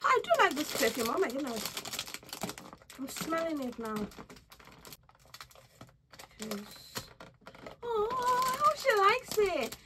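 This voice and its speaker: A young woman chats through a casual haul vlog at home, her high voice swooping widely as she gushes. Her tone is bright and sharp, and she squeals with excitement. A faint hiss sits behind her. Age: young adult. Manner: bubbly, gushing, squeals with excitement. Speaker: vlogger.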